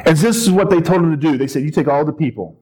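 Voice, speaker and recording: A man's voice: a little high, quick pace, slightly rough, rough recording. A middle-aged male preacher giving a sermon, retelling a story with playful asides and acted-out voices. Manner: animated storytelling, acting out voices and yells.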